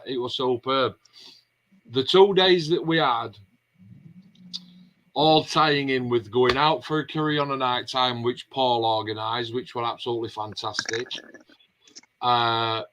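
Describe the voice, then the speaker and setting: Bright-voiced man telling rambling anecdotes. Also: mid-range voice, low-quality recording. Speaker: vlog host. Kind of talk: casual chat.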